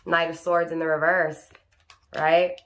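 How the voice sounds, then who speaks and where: A woman's voice: deep voice, flat delivery, a little slow, fairly bright tone. A woman giving an online tarot reading, speaking to the viewer by star sign and tagging "right?" onto her points as she restates them. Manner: repeats "right?" and rephrases each point. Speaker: tarot reader.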